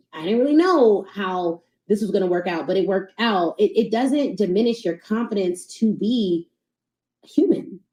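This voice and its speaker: A woman in her thirties who hosts a podcast, giving casual, animated sales coaching to her live audience. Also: mid-range voice, echoey room, low-quality recording. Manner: animated, conversational, addresses audience as y'all.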